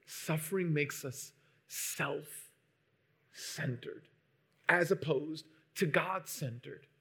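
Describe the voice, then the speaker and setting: Man, preacher, sermon, bright tone, higher-pitched, emphatic, loud and soft by turns. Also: extremely slow, breathy edge. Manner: emphatic, swings between loud and hushed. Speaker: pastor.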